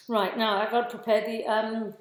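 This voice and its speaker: Woman rambling thru a live cooking stream at home, bit high voice, kitchen echo everywhere, faint hiss. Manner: chatty, scattered, greets viewers mid-task. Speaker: cooking livestream host. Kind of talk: casual chat while cooking live.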